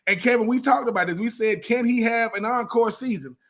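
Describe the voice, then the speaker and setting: A man's voice: very high-pitched, brisk, fairly bright tone. A man co-hosting a casual sports talk show, emphatic and fond of repeating phrases for effect. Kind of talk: casual sports radio chat.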